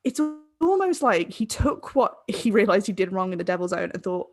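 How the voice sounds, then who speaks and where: A woman's voice: mid-range voice, big pitch swings, moderate pace, hardly any pauses. A woman co-hosting a podcast, rambling through casual tipsy chat with lots of laughs and the odd swear word. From Ireland. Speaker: podcast co-host. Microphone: desk microphone.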